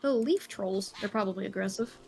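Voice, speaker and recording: A woman's voice: medium pitch, brisk, darkish tone. Chatty woman co-hosting a game stream. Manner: chatty, offhand. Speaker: gaming channel co-host. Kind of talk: casual gaming chat.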